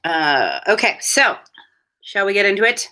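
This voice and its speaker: A woman hosting a relaxed read-aloud, mixing narration with chatty commentary. Her voice is bright and crisp. Her pitch moves a lot, giving an animated lilt. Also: moderate pace. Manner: chatty, laughs at her own asides. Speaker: host reading aloud.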